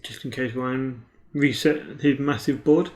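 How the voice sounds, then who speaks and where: A man's voice: medium pitch, fairly even intonation, unhurried. A British man co-commentating a card game match in casual chat, with dry jokes and offhand asides.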